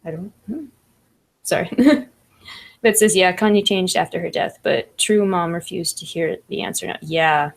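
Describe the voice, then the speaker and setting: A woman with a lowish, gravelly voice hosts a livestream at a moderate pace, reading chat comments aloud. She chats casually and laughs often, leaning on fillers like "like" and "I don't know."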